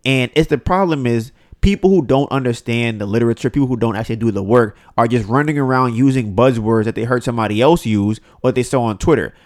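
A male podcast host delivers an animated, ranting solo talk. His voice is mid-pitched and he speaks casually, now and then slipping into quoted voices of other people. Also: fast, few pauses. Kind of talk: casual opinion monologue.

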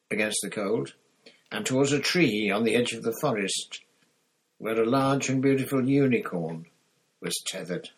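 A man narrating a story in a measured storytelling manner, voicing each character. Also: on the low side, breathy edge, poor audio. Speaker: audiobook narrator. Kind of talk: scripted narration.

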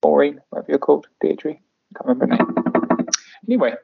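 A husky, slightly high-voiced middle-aged man from England rambles through a casual podcast chat. He jokes a lot and laughs often. The audio is muffled and lo-fi. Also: brisk. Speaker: podcast co-host.

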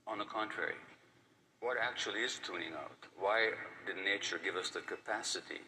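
An older man lectures in a very low voice with a bright, forceful edge. He sounds earnest and emphatic and often repeats his main points. He is picked up from a little way off the mic, with faint noise behind him. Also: normal speed, distant mic, low-quality recording. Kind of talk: conference talk.

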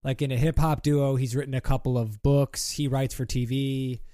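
A man's voice: medium pitch, steady tone, normal speed, mellow, no room sound. Male co-host, casual chat, loose and rambling, dry mic. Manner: rambling, full of "like" and restarts. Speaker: podcast co-host.

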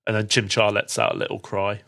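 A man's voice: lowish voice, flat delivery, fairly quick, vocal fry, a bit bright. Man running a tabletop game. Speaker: game master.

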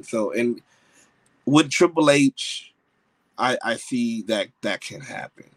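Excitable man rambling in slang. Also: medium pitch, slow pace, pauses often, no echo, rough recording. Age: adult, married. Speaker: wrestling podcast host. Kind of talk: casual wrestling review chat.

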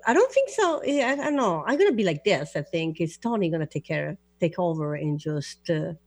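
A woman's voice: fairly low pitch, big pitch swings, fairly quick, darkish tone, no room sound. Chatty woman radio host. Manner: chatty, laughs easily, broken English. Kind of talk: casual radio chat.

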